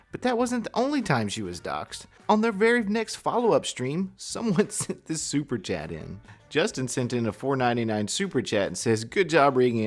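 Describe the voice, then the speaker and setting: A man hosting a video commentary channel, narrating a script with wry, sarcastic remarks. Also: mid-range voice.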